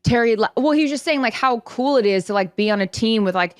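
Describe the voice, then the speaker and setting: A woman's voice: fairly high pitch, fast, smooth, no echo, studio quality. A woman co-hosting a podcast, reassuring her friend in supportive, rambling casual chat. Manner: reassuring, supportive, talks in run-on thoughts. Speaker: podcast co-host.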